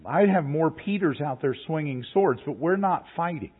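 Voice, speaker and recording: A man preaching a sermon, reading scripture slowly and then retelling it in plain conversational words. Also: a little high, animated, slightly rough. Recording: tinny phone-like recording.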